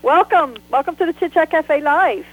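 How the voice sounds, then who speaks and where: A woman's voice: high voice, moderate pace, no room sound, poor audio. A woman with a New Jersey accent hosting a casual talk show, chatty and enthusiastic. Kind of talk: casual radio chat.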